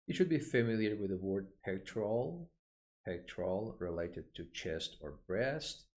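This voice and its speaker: A man with a very low voice teaches medical terms in a recorded online lesson. He speaks slowly and patiently, explaining each word and saying it again so learners can copy the pronunciation. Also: lively intonation, a little mellow. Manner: explanatory, with frequent "uh" fillers. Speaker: English vocabulary teacher.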